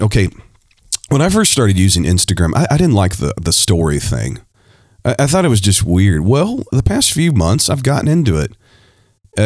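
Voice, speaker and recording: A man hosting a religious podcast, reading listener messages in casual, animated chat with frequent restarts. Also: deep voice, no room sound, studio quality. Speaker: podcast host and preacher.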